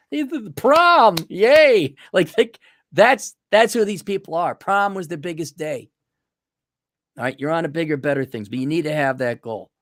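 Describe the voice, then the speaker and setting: A man's voice: fairly high pitch, moderate pace, pauses often, no room sound. A man hosting a casual advice monologue, blunt and sardonic, with mocking asides. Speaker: podcast host. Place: on a trip during a motorcycle rally.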